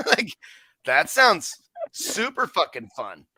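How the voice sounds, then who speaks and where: Here a man with a high-sitting, slightly rough voice speaks slowly in a dry recording. Chatting casually on a podcast, he swears freely and performs his own quotes and others' as he spins his stories.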